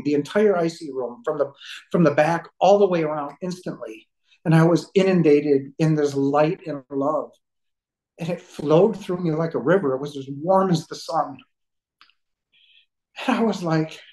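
A middle-aged man, a podcast guest, telling a deeply personal story, emotional and near tears, his voice breaking with halting restarts. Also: a little mellow, reverberant, rough recording.

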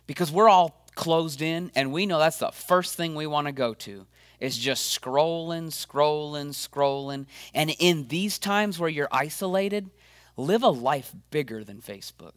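A man preaching an encouraging sermon as pastor in a church video update, energetic and acting out the voices of people he quotes. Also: fairly high pitch, a little slow, dry recording, studio quality.

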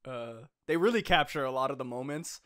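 A man's voice: mid-range voice, brisk, a bit bright. A young man co-hosting a podcast, chatting eagerly and laughing often, with lots of fillers. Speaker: podcast co-host. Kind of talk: casual chat.

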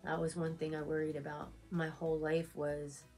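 A woman's voice: low voice, completely flat delivery, moderate pace, darkish tone, faint music behind. A woman vlogger chatting casually while getting ready, telling an emotional personal story full of fillers and repeats. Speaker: beauty vlogger. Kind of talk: casual chat during a get-ready-with-me video.

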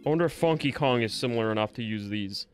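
A man giving casual live commentary as he plays a game, reacting out loud, swearing freely and talking back to the game. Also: medium pitch, quick pace, clear, resonant tone, faint music behind. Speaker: streamer.

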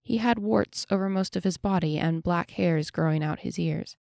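A woman narrating a fantasy audiobook in a steady, measured way. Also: on the low side, vocal fry, no echo, studio quality.

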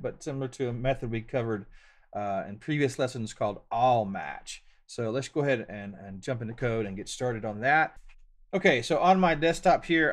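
A man from Louisiana with a Southern drawl, hosting a casual coding lesson. He talks in an easygoing, chatty way and jokes about himself. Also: medium pitch. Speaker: programming tutorial host. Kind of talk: screen-share coding lesson.

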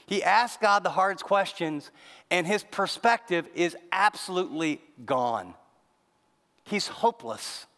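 A male pastor giving a sermon in a conversational style, swinging between soft, low passages and louder, raised lines. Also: lively intonation, slow pace. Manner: conversational preaching, acts out quoted voices, shifts between loud and soft. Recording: long reverb of a large hall.

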